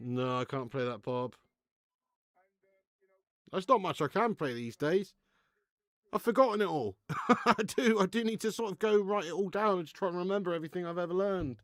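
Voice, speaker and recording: A man's voice: high voice, expressive, measured pace, pauses often, dry recording. A man hosting a live football watch-along stream, chatting casually with viewers, laughing often and swearing freely.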